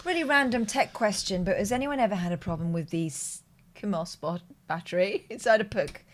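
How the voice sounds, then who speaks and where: A woman's voice: medium pitch, brisk, noisy background. A woman co-hosting a phone-in show in casual chat, with dry, teasing asides. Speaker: co-host.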